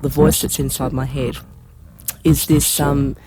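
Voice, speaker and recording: A reflective, halting monologue from a speaker with a broad Australian accent and a nasal tone. The delivery pauses often to search for words, and a faint hiss sits beneath it. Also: mid-range voice, flat delivery. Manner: thoughtful, halting, with frequent ums. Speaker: speaker in a radio art piece.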